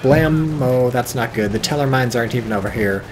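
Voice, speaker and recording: A man giving casual, profane, excitable commentary on a strategy game match, with wry asides. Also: mid-range voice, a little fast, noisy background. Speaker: game caster.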